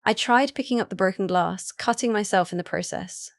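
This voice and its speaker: A woman narrating a first-person romance audiobook in an even, unhurried reading voice. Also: medium pitch, no echo, clean studio sound.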